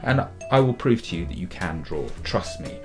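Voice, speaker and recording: A man's voice: sits low, expressive, moderate pace, soft background music. A middle-aged man, a children's author and illustrator, giving a friendly drawing tutorial for kids in a chatty, upbeat way, often doubling words for emphasis.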